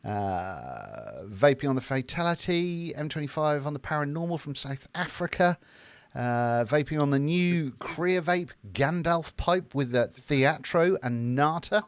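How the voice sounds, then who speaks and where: A man's voice: a little high, sing-song, a little slow, smooth, dry recording. Chatty British man reading live chat. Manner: jokey, chatty, reads viewer comments aloud with fillers. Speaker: livestream co-host reading chat.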